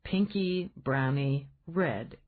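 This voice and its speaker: A woman's voice: on the low side, very animated, normal speed. A woman voicing a dry, teasing grown man. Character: wry self-assured grown man, teasing old friend. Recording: tinny phone-like band.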